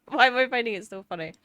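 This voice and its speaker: Woman cry-laughing, high and lively. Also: no echo, studio quality. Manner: helpless giggling, cry-laughing. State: teary from laughing. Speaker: streamer playing an HR rep. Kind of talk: live-streamed roleplay chat.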